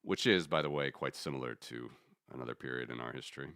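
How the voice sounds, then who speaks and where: A man's voice: a bass voice, quick pace, fairly bright tone, no room sound, studio quality. A man hosting a casual commentary stream, rambling and correcting himself as he talks through charts. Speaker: host.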